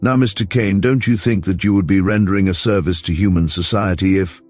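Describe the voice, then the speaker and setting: A man voicing a fussy, mild middle-aged investigator who speaks softly and pedantically, low in pitch, for an audiobook. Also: brisk, faint music behind. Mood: prim.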